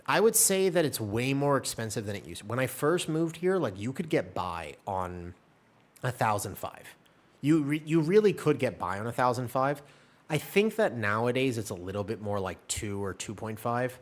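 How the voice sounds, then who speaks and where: A man's voice: medium pitch, expressive, normal speed. A man streaming and chatting casually, answering his chat in a rambling, talkative way. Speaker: game streamer.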